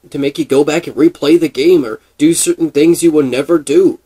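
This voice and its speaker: A man talking casually into the mic, his voice sitting a little high. He rambles and thinks out loud, stumbling over fillers and restarting his sentences as he goes. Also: husky. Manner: chatty, thinking aloud. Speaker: gaming video creator. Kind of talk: casual commentary.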